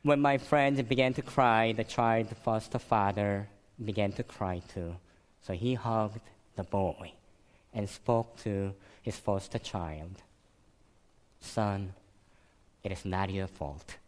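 Male pastor, sermon, slow deliberate delivery, emotional repetition. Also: on the low side, clean tone.

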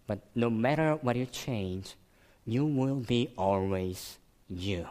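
Slow-spoken male preacher. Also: medium pitch, a little mellow. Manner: slow, emotional storytelling with many repetitions. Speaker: pastor. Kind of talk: sermon.

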